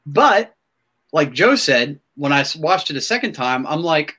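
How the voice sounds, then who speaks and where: Podcast host, male, chatty and excitable, trips over his words; bright, higher voice. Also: measured pace, slightly rough. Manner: excitable, rambling fan talk with many restarts. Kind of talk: casual chat.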